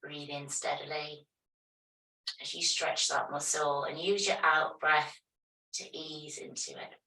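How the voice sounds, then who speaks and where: A woman teaching a yoga class, giving calm, step-by-step movement and breathing cues. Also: low voice, a little slow. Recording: echoey room, voice from a distance.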